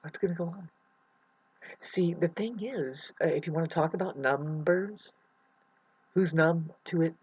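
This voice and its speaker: Speaking a little slowly and pausing often, a vlogger rambles through an unscripted monologue in fragments, restarting constantly and lurching between mumbling and loud outbursts. The medium-pitched voice has a breathy edge, picked up by a computer mic with a dull, muffled home sound and no echo.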